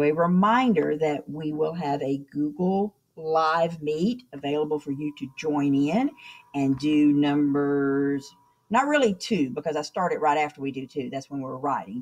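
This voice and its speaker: Low-voiced teacher woman, chatty. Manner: chatty, repeats "okay?" to check in. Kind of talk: screen-recorded class instructions.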